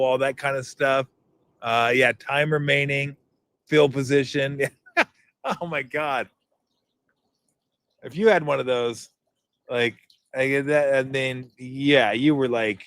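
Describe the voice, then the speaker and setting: A man in his fifties talks casually on a radio show with a middle-pitched voice. He tells stories with bursts of energy and mimics old game noises. The recording is dry and close. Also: no room sound. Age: 50s. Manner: animated storytelling, mimics game sound effects. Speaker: sports radio host.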